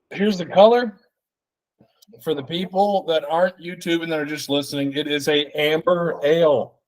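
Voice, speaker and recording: Tipsy, rambling man hosting a solo podcast. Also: on the high side. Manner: rambling, profane, jokey. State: tipsy from drinking beer. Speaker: podcast host. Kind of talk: solo casual podcast rant.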